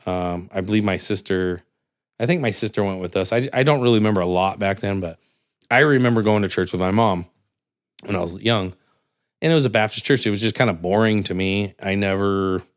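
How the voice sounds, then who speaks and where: A young man from California, a podcast guest, telling a long joke and personal stories in casual chat, his voice leaping up when he quotes characters. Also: brisk. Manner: animated, jumps high for quoted characters.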